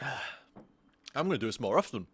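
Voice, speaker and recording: A man's voice: medium pitch, sing-song, a little slow, fairly bright tone, breathy edge. A drunk young man streaming a game live, rambling, swearing and stammering over his own words.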